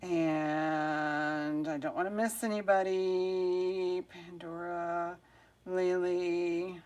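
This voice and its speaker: Hosting a jewelry sale live, a woman mutters and chats casually through her device troubles, flustered, then greets viewers individually. Her low-leaning voice is darkish and level, moving very slowly.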